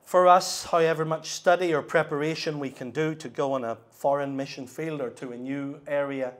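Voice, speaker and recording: A middle-aged man preaching a sermon at a conference, earnest, moving between hushed and emphatic delivery. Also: a little high, steady tone, moderate pace. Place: conference hall.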